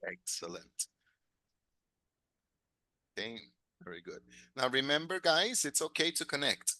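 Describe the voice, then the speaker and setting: Bright upbeat guy teaching english, dry close sound, keeps cheering students on. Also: medium pitch, very animated, a little slow, no echo. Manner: encouraging, drills phrases, chuckles often. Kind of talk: online English class.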